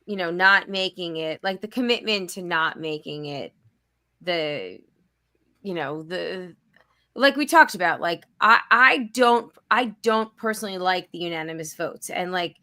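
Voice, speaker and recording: Woman co-host, bright voice, animated and chatty with lots of fillers. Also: lowish voice, measured pace, no room sound, studio quality. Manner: animated, filler-heavy with frequent "like". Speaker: podcast co-host. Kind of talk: casual chat.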